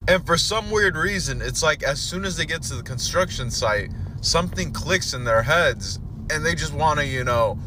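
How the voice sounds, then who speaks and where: Blunt man ranting, faint traffic behind. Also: fairly high pitch. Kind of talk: casual video commentary.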